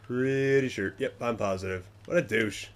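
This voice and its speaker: A young man giving casual gameplay commentary, swearing often and muttering to himself, then yelling at other players. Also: medium pitch, normal speed.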